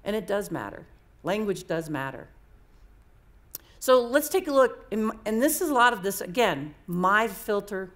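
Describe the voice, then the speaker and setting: A woman's voice: fairly low pitch, fairly bright tone. A woman speaker telling personal stories to an audience in a candid, conversational way, often repeating herself. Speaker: coaching speaker. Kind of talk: storytelling talk to an audience.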